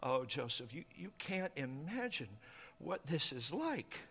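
Man putting on a hushed, tearful young woman. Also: fairly high pitch, moderate pace. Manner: hushed, faltering, stammering.

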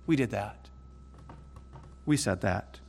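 A man preaching a sermon in an earnest way, rising to emphatic peaks and then dropping low and soft. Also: expressive, takes it slowly, creaky, slightly rough.

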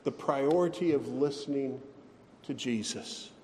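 A man preaching a sermon as pastor, speaking slowly and deliberately and giving scripture readings extra weight. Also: mid-range voice, mellow, big-room sound, a little hiss or hum.

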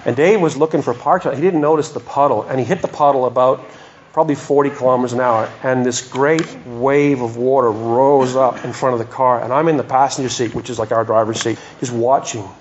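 A man's voice: mid-range voice, fairly even intonation, brisk, highs cut off, slight background noise. A pastor preaching a sermon in a church hall, telling stories and then pressing his points with emphasis.

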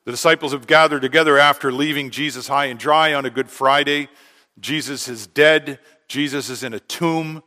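A man preaching a sermon as pastor, earnest, often dropping to a hush on key words. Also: medium pitch, fairly even intonation, moderate pace. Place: church sanctuary. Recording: long hall reverb.

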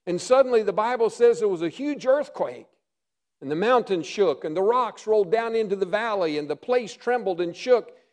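A middle-aged male pastor preaching a sermon, earnest, often dropping to a hush for emphasis. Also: high-pitched, expressive, moderate pace.

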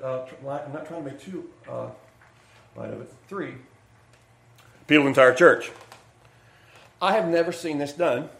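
A man preaching a midweek sermon, folksy and joking as he tells stories to make his point. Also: fairly high pitch. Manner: folksy, jokey storytelling preacher. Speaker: pastor. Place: church sanctuary. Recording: echoey church room.

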